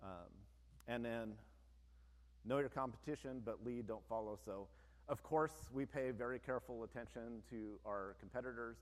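In a large hall with long reverb, a man who runs a business addresses an audience in a casual, straightforward way, frequently breaking off for chatty asides. He speaks in a mid-range voice at a moderate pace.

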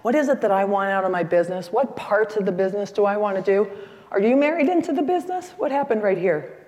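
A woman in her sixties giving a lively, chatty seminar talk and questioning the audience from the stage. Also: mid-range voice, fast talker. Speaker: seminar speaker. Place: conference hall stage. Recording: echoey hall.

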